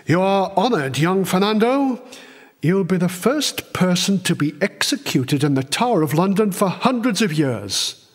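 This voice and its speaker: A man's voice: sits high, big pitch swings, measured pace, voice pushed up, full character voice. A man playing a stern, weary army major. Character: stern middle-aged male army major. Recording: long reverb.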